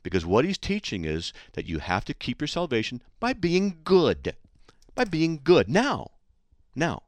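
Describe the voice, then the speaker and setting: Hosting a call-in radio debate, a man with a fairly high voice and huge pitch swings speaks unhurriedly, with no room sound. He insistently presses a caller with repeated questions, cutting in again and again by repeating the caller's name.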